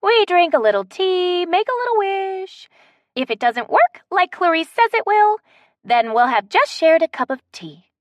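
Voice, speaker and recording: A woman voicing a giddy older woman who plays matchmaker, talking high and pleading. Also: very animated, unhurried, no echo, muffled recording, exaggerated voice. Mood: eager.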